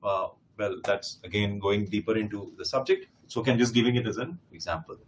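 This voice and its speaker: A man's voice: lowish voice, brisk, slight background noise. A man teaching a live test-prep class, addressing his students directly and repeating key points with emphasis.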